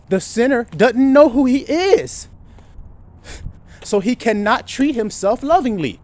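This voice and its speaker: A man preaching informally, firing rhetorical questions and swinging from a low mutter to loud, emphatic outbursts, now and then swearing. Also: very animated, moderate pace, a little hiss or hum.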